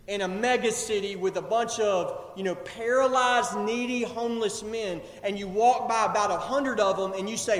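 A male pastor preaching a sermon in a church, animated, acting out quoted voices as he goes. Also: high voice, roomy sound, big-room sound. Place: church sanctuary.

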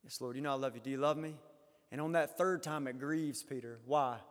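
A man preaching a sermon, rising loud when quoting scripture and dropping low for his own comments. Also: steady tone, a little fast. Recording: long hall reverb.

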